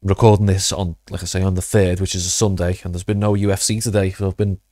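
A man's voice: low voice, level tone, quick pace, dark tone, no room sound. A man from around Liverpool giving casual gameplay commentary, rambling, thinking aloud and swearing. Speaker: gaming youtuber.

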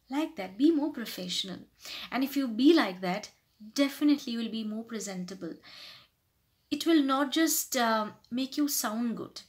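A woman's voice: on the high side, expressive, moderate pace. A woman vlogger giving casual advice to camera, earnestly explaining and acting out polite and rude phrases. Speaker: lifestyle vlogger.

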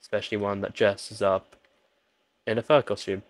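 A man's voice: on the low side, level tone, moderate pace, no echo. A man doing jokey let's-play commentary, pleading with and teasing the characters on screen. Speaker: gaming channel host.

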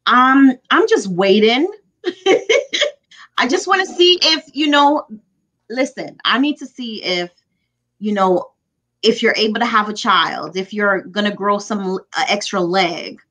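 A woman in her forties co-hosting a casual chat, tossing in quick quips and short agreements. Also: mid-range voice, lively intonation, fairly bright tone. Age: 40s.

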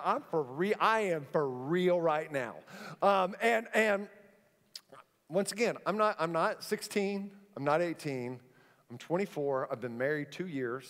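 Animated high-voiced preacher in an echoey church. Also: male voice, takes it slowly. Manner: animated storyteller, acting out scenes. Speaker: pastor. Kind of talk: sermon with personal storytelling. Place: church stage. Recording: long church hall reverb.

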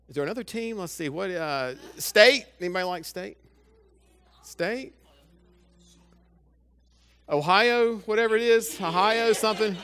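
High, bright-voiced pastor preaching. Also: male voice, clear, resonant tone. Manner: lively, talks straight to the congregation with many rhetorical questions. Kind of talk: sermon. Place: church sanctuary.

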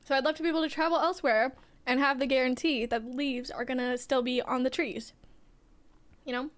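A young woman streaming a game, chatting casually and softly with her viewers in a gushing, sing-song way. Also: high voice, fairly even intonation, fairly quick. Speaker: livestreamer. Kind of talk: casual chat with viewers while gaming.

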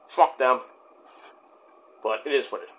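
A man's voice: mid-range voice, normal speed. A man giving a rambling, profane, casual review of a wrestling event.

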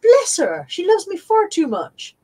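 High-voiced, chatty Irish woman. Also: expressive, normal speed. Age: middle-aged. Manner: chatty, laughs often, breaks into off-key singing. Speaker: live-streaming reseller vlogger. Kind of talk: casual live stream chat, reading out comments.

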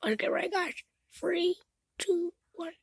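A female vlogger talking casually to camera in a loose, rambling way. She often drops into a whisper, and her voice is very high with a gravelly, creaky texture. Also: lively intonation, takes it slowly, background noise.

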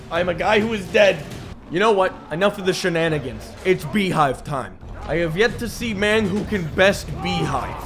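A man giving jokey, excitable commentary while playing a video game, yelping and shouting when he panics. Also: sits high, slight background noise. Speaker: gaming YouTuber. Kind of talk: gameplay commentary. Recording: game music behind voice.

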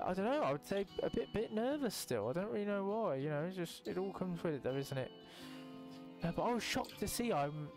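A young man chats through a building game in a relaxed, rambling way, his fairly high voice leaping up whenever something pleases him. He swears casually and talks straight to his viewers. Soft background music plays quietly behind him. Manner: excitable, swears casually, bursts into high exclamations. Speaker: gaming youtuber. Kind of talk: casual gameplay commentary.

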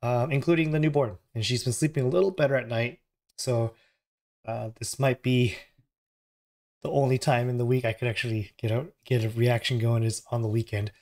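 A man hosting a reaction channel in a casual chat, hoarse as he recovers from an illness, talking at home while the household sleeps, rambling and correcting himself as he goes. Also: mid-range voice, fairly even intonation, moderate pace, darkish tone. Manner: rambling and self-correcting, apologetic.

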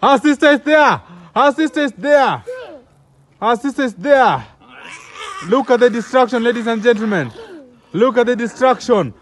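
High-voiced excitable Kenyan man commentating. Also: moderate pace, long pauses. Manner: excitable, exclaiming, repeating phrases. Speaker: comedic wrestling commentator.

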